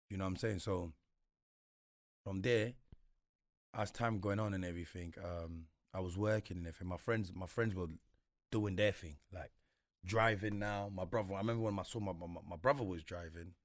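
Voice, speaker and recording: A man's voice: low-pitched, moderate pace, dry recording, clean studio sound. A young man with a London accent, telling stories from his life in a casual interview, full of street slang and acted-out quotes. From Congo. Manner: London slang, animated retelling with voiced quotes. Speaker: guest.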